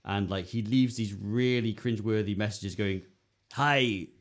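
A man's voice: fairly low pitch, steady tone, normal speed, darkish tone. A man co-hosting a casual chat, rambling with many fillers and putting on voices to act out scenes. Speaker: podcast co-host.

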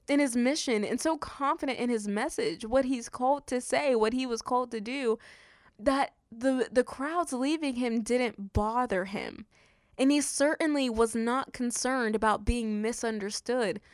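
A woman with a lilt talks through scripture in a relaxed, chatty way, slipping into quoted voices as she goes. Her voice sits a little high, and the recording is close and dry with no room sound. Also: dry recording. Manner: conversational, animated, acts out quotes with "he's like". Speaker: podcast host. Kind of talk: casual Bible study podcast.

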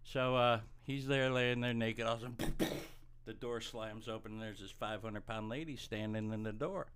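A man's voice: medium pitch, steady tone, normal speed, fairly bright tone, smooth. A middle-aged man telling stories and jokes in a casual, self-deprecating way, acting out voices. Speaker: podcast co-host telling life stories. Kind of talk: casual storytelling chat.

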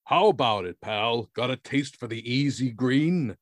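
A man reading aloud and voicing a smug, wealthy prankster who drawls his words slowly and teasingly. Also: medium pitch, expressive, no room sound. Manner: slow drawl, mock-jolly.

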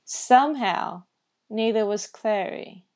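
A woman reads a novel chapter aloud at an unhurried pace. Her voice has a slightly gravelly texture. She reads casually, now and then stumbling and correcting herself. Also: mid-range voice, a little mellow. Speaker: reader.

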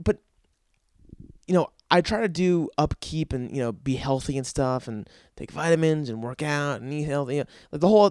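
A man's voice: on the high side, darkish tone, dry recording, clean studio sound. A man giving a stand-up comedy rant, profane and exasperated.

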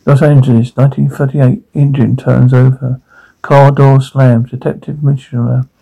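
A man's voice: mid-range voice, level tone, moderate pace, creaky, warm tone, slightly rough, poor audio. A man reading brief, plain descriptions of sounds and scenes over a drama.

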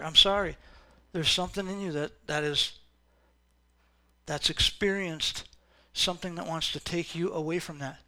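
A male pastor with a high voice preaches a sermon that swings from quiet, reflective stretches to loud, fervent exhortations aimed at the congregation.

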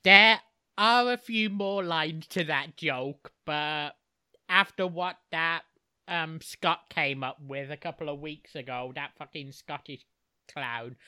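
A man's voice: a little high, takes it slowly, bright, forceful tone, smooth. A man co-hosting a podcast in casual chat, speaking hesitantly and trailing off. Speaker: podcast co-host.

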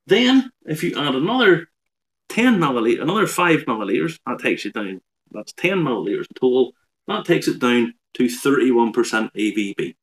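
A man, a whiskey expert on a live online show, explaining in a measured way with dry humour. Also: medium pitch, sing-song, fairly bright tone.

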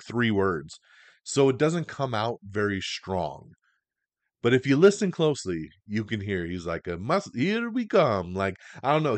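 A man's voice: medium pitch, dry recording. A man hosting a podcast, giving a casual, enthusiastic, slangy run through entertainment news. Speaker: podcast host.

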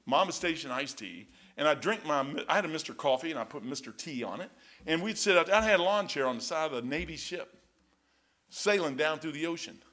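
A man's voice: on the high side, lively intonation, fairly quick, sharp tone. An older man preaching in a casual, rambling storytelling way, full of folksy anecdotes and saying "man" a lot. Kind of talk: storytelling sermon.

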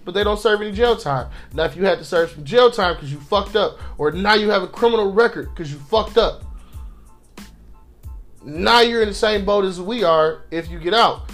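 High-voiced man arguing passionately. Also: normal speed, a bit bright, faint music behind. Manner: impassioned, acts out quotes of police and victims; profane, repeats words when restarting. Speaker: podcast co-host. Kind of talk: casual discussion.

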